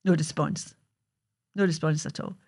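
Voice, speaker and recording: A woman's voice: on the low side, expressive, moderate pace, dry recording, studio quality. A Scottish woman hosting her own show, telling a personal story in a vivid, blunt way and swearing freely.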